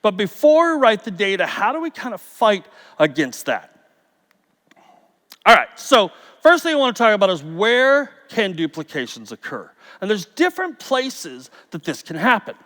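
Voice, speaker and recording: A high-voiced middle-aged man delivers a conference talk with a lively, swooping delivery, full of jokes. His voice rings out through a large hall with a long reverb. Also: normal speed. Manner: storytelling, jokey, animated. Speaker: conference speaker.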